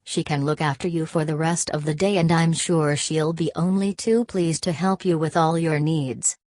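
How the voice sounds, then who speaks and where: A woman's voice: low voice, fairly even intonation, moderate pace, a little mellow, no room sound, close to an everyday voice. Lady doing a pompous gushing floor manager man, dry sound, storybook. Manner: effusive and grand. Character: important, effusive male floor manager. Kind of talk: storybook reading.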